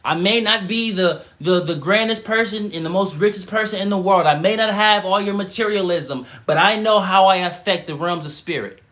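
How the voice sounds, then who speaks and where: Man, spiritual guide, livestream affirmations, high voice, crisp bright tone, repeats phrases, call-and-response. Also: moderate pace, hardly any pauses. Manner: casual slangy speech.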